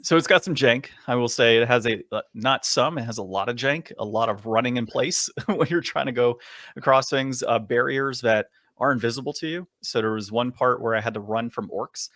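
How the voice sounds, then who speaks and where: A man co-hosting a podcast, telling a long story in a casual, animated way and chuckling often. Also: mid-range voice, fairly quick, dry recording, clean studio sound. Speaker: podcast co-host.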